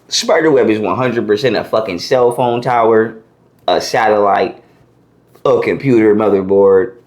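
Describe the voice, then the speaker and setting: A man being interviewed, talking in a loose, profane, animated way as he lays out his ideas. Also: on the low side. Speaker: interview guest. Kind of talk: casual conversational interview.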